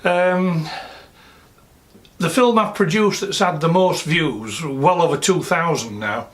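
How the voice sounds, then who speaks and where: A vlogger from Sheffield with a Yorkshire accent, chatting casually and rambling with many fillers and restarts. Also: male voice, fairly high pitch, slow, fairly bright tone. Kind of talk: casual vlog chat. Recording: music playing behind.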